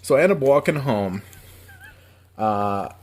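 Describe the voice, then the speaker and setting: A man's voice: medium pitch, lively intonation, slow pace, a little mellow. A man in his thirties from upstate New York, co-hosting a podcast and telling a long story in a casual, profane, rambling way, laughing often. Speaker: podcast co-host.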